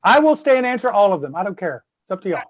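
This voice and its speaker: Loud, foul-mouthed Southern man. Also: high voice, sing-song, racing, husky, no room sound. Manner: profane, boisterous storyteller. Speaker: guest on a web show. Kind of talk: casual live-stream chat. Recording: slightly dull lo-fi audio.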